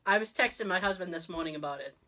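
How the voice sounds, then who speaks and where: A woman hosting a podcast, telling a story in casual chat, animated and laughing often as she acts out quotes. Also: lowish voice, fast talker. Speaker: podcast host.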